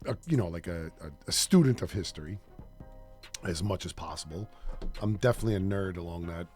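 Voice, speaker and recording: Rambling New man with lively pitch. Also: a little fast, soft background music. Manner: rambling, self-correcting storyteller. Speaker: co-host. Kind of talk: casual podcast banter.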